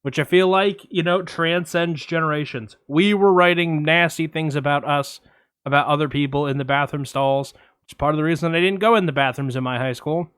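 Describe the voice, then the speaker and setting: A young man co-hosting a casual film podcast, joking and boastful, talking in quick bursts with fillers. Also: fairly high pitch, fairly bright tone, clean tone, no echo. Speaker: podcast co-host.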